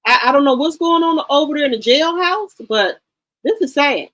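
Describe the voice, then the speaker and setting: A woman's voice: high voice, expressive, normal speed, fairly bright tone. A woman hosting a casual commentary show, talking straight to her viewers in an emphatic, repetitive way. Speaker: host.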